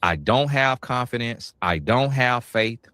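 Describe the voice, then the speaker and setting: A man's voice: mid-range voice, animated, a little slow, pushed and bright, dry recording. A man in a played clip lecturing with preachy, scornful commentary, repeating phrases for effect.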